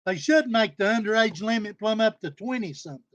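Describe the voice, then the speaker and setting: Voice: mid-range voice, expressive, brisk, dry recording. A livestream panel host, ranting angrily and scolding with heavy profanity and repetition. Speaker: live stream panel host. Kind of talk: angry livestream rant.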